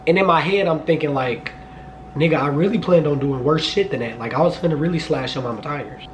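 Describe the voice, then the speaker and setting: A young man in his twenties, voice a touch higher than most, spins a storytime vlog in a lively, cursing rush. His delivery keeps jumping up into high, excited outbursts. A faint hum sits under the recording. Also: a little fast. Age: 20s. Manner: animated, profane, jumps to high excited outbursts. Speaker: vlogger.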